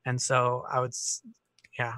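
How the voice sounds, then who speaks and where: A man's voice: medium pitch, monotone, a little slow, pushed and bright, no room sound, studio quality. A young man in a debate, explaining his view hesitantly and restarting his sentences as he thinks aloud. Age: young adult. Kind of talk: casual spoken argument.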